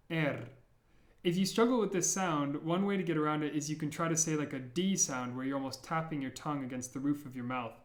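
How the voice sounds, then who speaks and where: A man teaching the letters of an alphabet as a language teacher, slowly repeating each sound clearly for beginners. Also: on the high side, echoey room. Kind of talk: slow, careful alphabet lesson.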